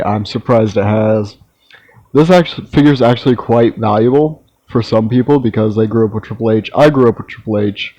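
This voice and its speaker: A man's voice: mid-range voice, no room sound, dull audio. A young man casually ranking his collectibles. He rambles, uses lots of ums and restarts sentences. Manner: relaxed, meandering, with frequent ums and restarts. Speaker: toy collector vlogger.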